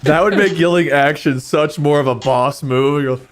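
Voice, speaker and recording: A man's voice: on the high side, moderate pace, a little hiss or hum. A man hosting a podcast in casual chat, goofy and self-mocking, who sometimes stumbles over his words. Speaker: podcast host.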